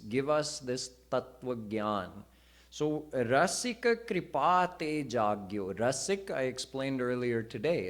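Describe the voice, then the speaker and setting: A man preaching a live sermon, teaching in a measured way and telling parables. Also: medium pitch. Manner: slow, deliberate teaching. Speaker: senior preacher. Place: temple hall.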